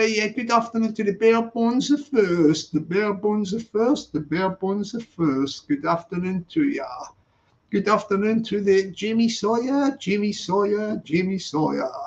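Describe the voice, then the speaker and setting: A man's voice: sits high, creaky. A man chatting casually on a live stream, rambling and greeting viewers one by one by name. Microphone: streaming setup. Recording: dull lo-fi live-stream audio.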